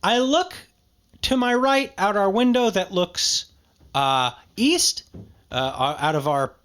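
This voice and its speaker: Animated swearing male podcaster. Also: slow, smooth. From rural area. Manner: animated storyteller, swears freely, jumpy pitch. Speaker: podcast co-host. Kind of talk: casual podcast chat.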